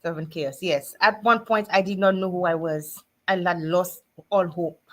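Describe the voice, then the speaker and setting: A woman's voice: on the low side, moderate pace, fairly bright tone. A middle-aged woman hosting her nightly live show, speaking earnestly and emotionally about her own struggles, with frequent restarts and fillers. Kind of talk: heartfelt personal talk to a live audience.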